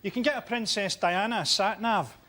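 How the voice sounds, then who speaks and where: A Scottish man delivering dark one-liners on a comedy panel, dry in manner. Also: high-pitched, normal speed.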